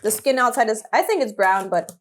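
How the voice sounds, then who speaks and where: A woman's voice: on the high side, expressive, a little fast, slight background noise. A young woman co-hosting a podcast in casual chat, chatty and giggly. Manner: chatty, giggly, lots of "like" fillers. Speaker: podcast co-host.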